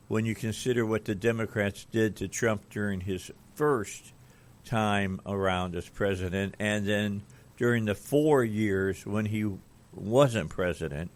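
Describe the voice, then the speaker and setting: Low-voiced rambling talk radio host. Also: male voice, unhurried. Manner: relaxed, rambling, with frequent fillers and restarts. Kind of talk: casual political talk radio. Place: radio studio. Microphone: studio microphone.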